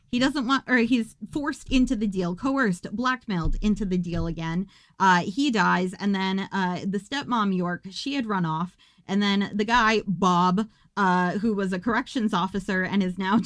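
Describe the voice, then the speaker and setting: A woman's voice: mid-range voice, no echo. A woman hosting a podcast, recapping a movie in a casual, rambling way with profane jokes and asides. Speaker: podcast host.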